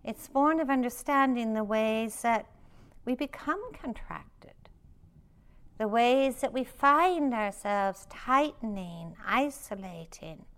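A woman meditation teacher giving a reflective, gently inviting dharma talk at a retreat. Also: a little high, expressive, takes it slowly.

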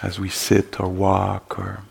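A man giving a meditation dharma talk at a retreat, halting and full of gentle fillers. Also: deep voice, monotone, creaky, breathy edge. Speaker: meditation teacher.

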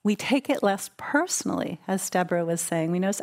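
A woman's voice: mid-range voice, lively intonation, brisk, vocal fry. A woman meditation teacher giving a dharma talk at a retreat, conversational and playful as she tells stories. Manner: conversational, warm, playful storytelling.

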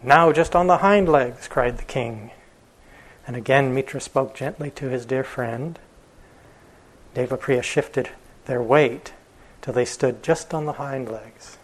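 A male meditation teacher telling a story in a dharma talk, relaxed, with fillers and chuckles. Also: mid-range voice, takes it slowly, pauses often, slightly rough, rough recording.

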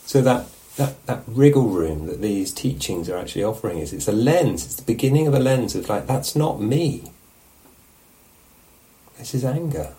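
A man teaching meditation, giving a relaxed, musing dharma talk at a retreat and often checking in with his listeners. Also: on the low side, brisk, few pauses, poor audio. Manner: reflective, musing, asks questions of the listeners. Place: meditation hall.

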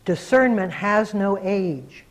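A man who is a meditation teacher, giving a reflective, earnest dharma talk to a group and slowing down to stress key words. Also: sits high, lively intonation, poor audio.

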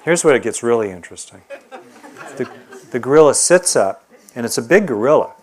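A male meditation teacher giving a dharma talk. He tells teaching stories with animated energy, leaning into the drama. His voice sits at a middle pitch for a man. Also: fairly quick, a faint crowd. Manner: animated storyteller.

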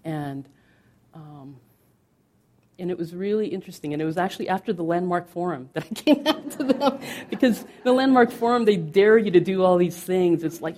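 A middle-aged American woman who teaches meditation gives a candid, conversational dharma talk full of fillers. Her voice is low, soft, and warm, and she slowly lingers on the words she wants to land.

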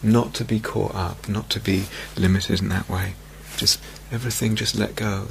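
Deep gravelly man giving a dharma talk. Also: fairly even intonation, slight background noise. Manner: slow, reflective, repeats phrases softly. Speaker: meditation teacher. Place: retreat meditation hall.

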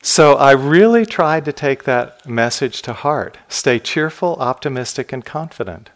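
A meditation teacher gives a dharma talk woven with personal stories, speaking in an unhurried, storytelling way. He is gentle, reflective, and expressive, letting his phrases drop soft and low at the ends.

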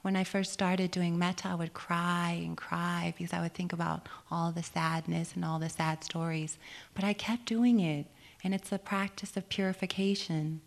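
A woman meditation teacher giving a dharma talk on retreat, gentle and reflective, often asking questions and laughing easily. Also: fairly low pitch, little pitch movement, normal speed, vocal fry.

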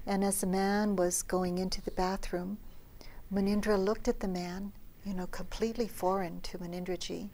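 Middle-aged woman giving a dharma talk, gentle storyteller, goes almost whispery sometimes. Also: medium pitch. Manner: gentle storytelling, drops to a soft near-whisper. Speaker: meditation teacher.

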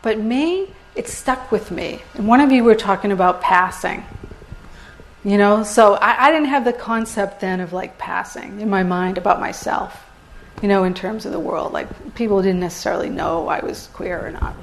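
A woman's voice: medium pitch, normal speed, slight background noise. A woman meditation teacher giving a candid, conversational dharma talk to a retreat audience in a meditation hall, often saying "you know.".

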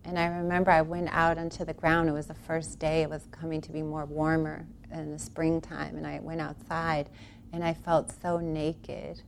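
A woman telling a long personal story about a spiritual retreat, earnest and animated, rambling with restarts and laughing now and then. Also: sits low, normal speed, creaky, slight background noise.

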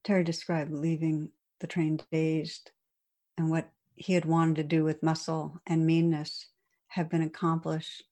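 A woman meditation teacher telling a story in a dharma talk, gentle and unhurried, with soft pauses. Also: low voice, level tone.

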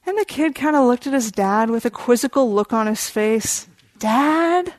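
During a dharma talk, a woman meditation teacher tells a story in a gentle, unhurried manner, explaining contemplative terms along the way. Her voice is on the high side, and the recording is dry.

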